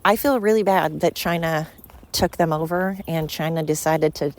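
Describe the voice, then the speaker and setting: A woman's voice: low voice, normal speed. A woman from the United States hosting a solo podcast, ranting bluntly with frequent swearing. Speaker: podcast host. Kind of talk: opinionated solo podcast monologue.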